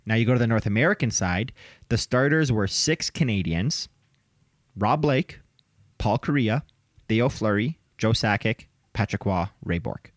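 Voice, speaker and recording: Lower-voiced man chatting hockey. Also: lively intonation, normal speed, dry recording, clean studio sound. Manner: chatty, laughs often, rattles off names. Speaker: podcast co-host. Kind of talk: casual sports podcast chat.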